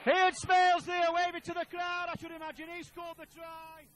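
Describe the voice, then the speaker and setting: A man commentating on a rugby league match, calling play by play, repeating player names and shouting at tries. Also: very high-pitched, monotone, normal speed, a crowd in the background.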